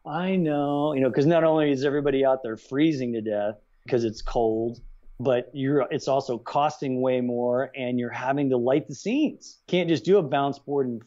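This middle-aged writer-director speaks at medium pitch and moderate speed while telling animated stories as an interview guest. He plays out the dialogue he quotes, captured on dull, lo-fi audio.

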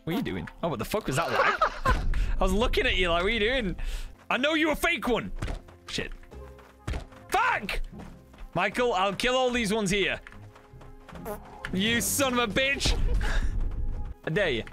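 A man streaming a game, excitable and taunting, laughing and shouting at his friends. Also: sits high, normal speed, long pauses. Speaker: gaming streamer. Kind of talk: casual gameplay banter. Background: game music.

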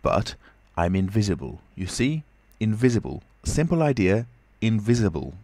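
A man's voice: on the low side, very animated, moderate pace, dark tone, no room sound. A man voicing an impatient, commanding unseen stranger who speaks tersely and insistently, in a storybook reading. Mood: firm, insistent.

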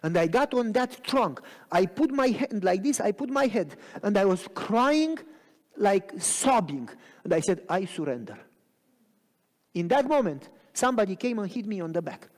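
A man preaching a sermon in a church, dramatic, swinging from loud cries to near whispers and asking the congregation if they follow him. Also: sits high, animated, moderate pace. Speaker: pastor. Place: church sanctuary. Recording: long reverb of a church hall.

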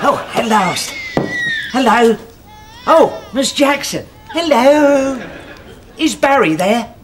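An old pub regular with no name, grumbling and slow. His voice is fairly high and lively, and it drags along unhurried. Hissing noise runs in the background. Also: full character voice.

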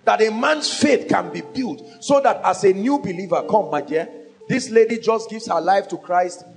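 A man with a Nigerian accent delivers a sermon from the pulpit, his fairly high voice swooping up and down with a gravelly edge. He pushes his point with one rhetorical question after another, and faint music plays behind him. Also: lively intonation, moderate pace. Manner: emphatic, fires rhetorical questions at the congregation. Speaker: preacher. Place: at a pulpit before a congregation.

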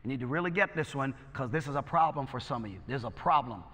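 A man's voice: mid-range voice, lively intonation, fast talker, fairly bright tone, in a large hall. A male pastor preaching a sermon, exhorting and calling out to his congregation. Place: church sanctuary.

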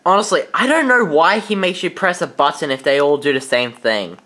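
A man co-hosting a casual let's-play session. He speaks in short, low-key remarks and comments now and then. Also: a little fast, sharp tone. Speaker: co-host gamer.

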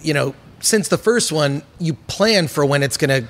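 A man's voice: fairly high pitch, lively intonation, moderate pace. A man hosting a podcast in casual chat, chiming in with agreement and his own opinions. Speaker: podcast host. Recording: long reverb.

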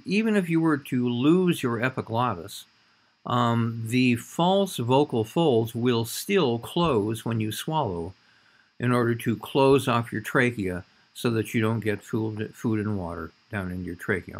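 Speaking in an unhurried, husky mid-range voice, a man works through anatomy slides in a recorded lecture. His style is conversational, and he keeps pausing to ask his audience "all right?".

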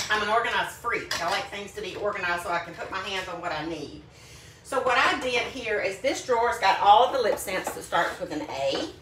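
A woman's voice: mid-range voice, a bit bright, slight background noise. A woman selling beauty products, talking casually and upbeat to her phone camera at home. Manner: chatty, upbeat, says "like" often. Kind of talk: casual vlog.

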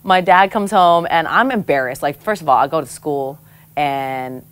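A woman from American Samoa, a guest in an interview, telling personal stories in a frank, expressive way and laughing often. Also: low voice, moderate pace, smooth. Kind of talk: candid conversational storytelling.

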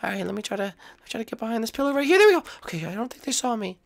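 A woman voicing a jealous, scheming young princess in a homemade game roleplay, bubbly and excitable. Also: on the high side, racing, creaky. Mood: whispered. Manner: bubbly, excitable, sing-song.

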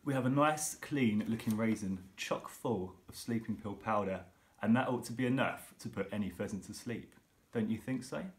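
A man reading aloud and voicing an eager young boy who keeps asking pleading, quick questions. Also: fairly low pitch, natural voice. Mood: hopeful.

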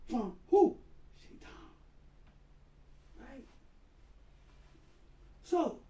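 An imam preaching a storytelling sermon, unhurried and conversational, with sudden emphatic bursts. His voice sits high yet mellow. It comes from a distance through a large reverberant room. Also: sing-song. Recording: roomy hall, voice far from mic.

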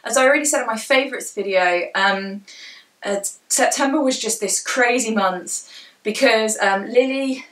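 A young woman from southern England, a book vlogger and indie author, chats casually to camera in a rambling way full of fillers. Her voice is on the high side and fairly bright, at a moderate pace. She's in a room at home with rain outside, and the recording is echoey, with her sitting far from the mic.

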